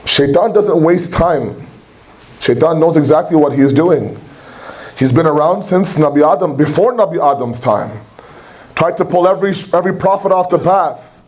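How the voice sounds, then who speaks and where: A man's voice: on the high side, normal speed, darkish tone. A man giving a religious lecture in a conversational way, with rhetorical questions and humor. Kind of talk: sermon-style lecture.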